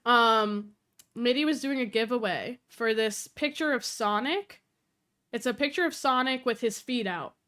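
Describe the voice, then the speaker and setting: A young woman streamer talks to her chat in a fast, animated rush, swearing freely and slipping into quoted voices as she tells her stories. Her voice sits a little high and sounds bright and sharp. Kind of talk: casual live-stream chat.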